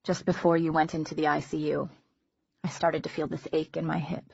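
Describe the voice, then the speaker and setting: A woman voicing a quiet, ill teenage boy, husky and low. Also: flat delivery, brisk, dry recording, heavily acted. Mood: subdued. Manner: quiet, restrained, holding back tears. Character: calm teenage boy, seriously ill, tender. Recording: dull lo-fi recording.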